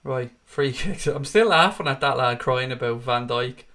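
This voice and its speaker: A man's voice: medium pitch, normal speed. A man hosting a live fan watchalong, calling the match play by play, swearing freely and chatting with viewers. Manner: excitable, sweary, rants at the referee; chats to viewers in the live chat.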